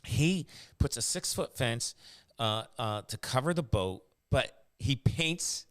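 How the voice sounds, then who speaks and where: A man's voice: mid-range voice, expressive, takes it slowly. A man chatting casually as a podcast host, rambling with lots of fillers and restarts. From Canada. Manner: rambling, many fillers and restarts, laughs often. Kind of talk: casual chat.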